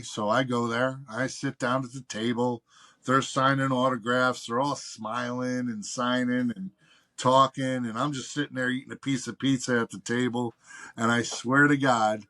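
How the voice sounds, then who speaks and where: Guy on a podcast telling a story, swears a lot, does the voices of people he quotes, mid pitch. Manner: profane, animated anecdote teller doing quoted voices. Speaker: podcast guest. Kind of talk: casual storytelling.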